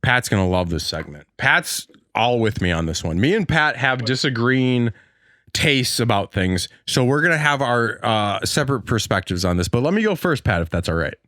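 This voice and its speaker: A man's voice: medium pitch, very animated, normal speed, fairly bright tone, no room sound, clean studio sound. A man hosting a comedic podcast with rambling, jokey banter and a mock-salesman patter. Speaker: podcast host.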